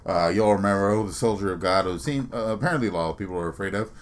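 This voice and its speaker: Young guy, lowish voice, swears a lot, casual sports podcast banter. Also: quick pace, slight background noise. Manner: blunt, profane and laughing. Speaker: podcast co-host.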